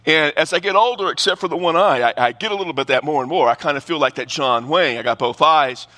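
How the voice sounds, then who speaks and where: A man's voice: on the high side, quick pace. A male pastor preaching a sermon, telling stories with humor and plenty of restarts. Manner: animated storytelling with humor and repeated restarts. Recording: long reverb of a large hall.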